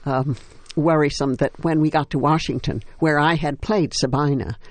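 In an interview, an older stage actress looks back on her past, telling stories in a wry, unhurried way. Her voice is low and her tone steady.

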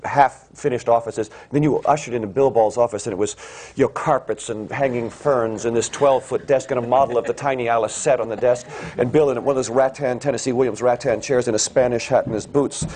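A man's voice: medium pitch, fairly even intonation, brisk, hardly any pauses, darkish tone. Rambling male stage actor. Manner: rambling, full of restarts and fillers. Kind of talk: casual anecdote telling.

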